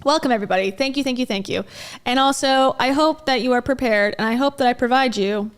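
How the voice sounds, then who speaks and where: A chatty woman with a slightly high voice hosts a casual commentary stream. She rambles through her points, filling the gaps with "like" and "uh" and laughing as she goes. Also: fast talker, clear, resonant tone. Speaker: commentary host.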